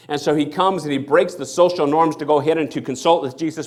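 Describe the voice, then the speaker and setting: A man's voice: on the high side, fast talker, few pauses. A male pastor preaching a sermon, acting out the people in the story as he goes. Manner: animated, acts out the people in the story. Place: church.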